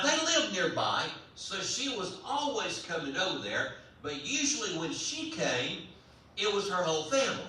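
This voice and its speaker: A man telling a comic story aloud at a live event, in an animated, folksy way, heard from far off in a large hall. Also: high voice. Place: large hall at a residential campus. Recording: echoey hall, voice from far off, faint hum.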